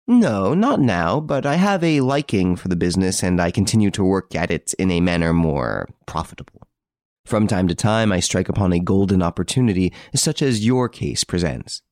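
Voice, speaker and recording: A man's voice: low-pitched, expressive, moderate pace, darkish tone, no echo. A man reading an audiobook, voicing a cool, menacing middle-aged ex-detective who speaks in a dry, hard, precise way. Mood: cold, assured.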